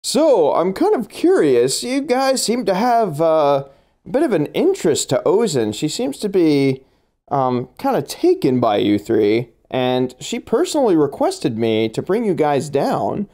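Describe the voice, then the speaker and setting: Man as boastful veteran delver, a bit higher than his own voice. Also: huge pitch swings, a little slow, dark tone. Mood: curious. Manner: boastful and curious. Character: proud veteran male cave delver.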